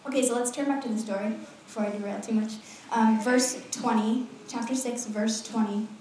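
A young woman delivers a relaxed, lively sermon full of chatty asides and frequent laughter. Her voice sits a little high and comes from some distance away, through the booming echo of a large hall. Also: normal speed, a little hiss or hum. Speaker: preacher. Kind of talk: casual sermon. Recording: echoey hall, voice from far off.

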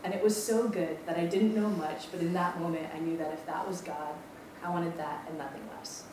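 Young woman from hawaii, campus ministry staff, rambly self-deprecating testimony, lower voice, echoey room, mic far off. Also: steady tone, a little fast. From Maui, Hawaii. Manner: chatty, self-deprecating, many ums. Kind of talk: personal testimony talk. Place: lecture room. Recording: echoey room, distant mic, background noise.

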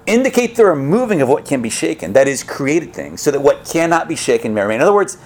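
A man preaching a sermon as a pastor, talking in a conversational, animated way with frequent restarts. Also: a little high, quick pace, hardly any pauses.

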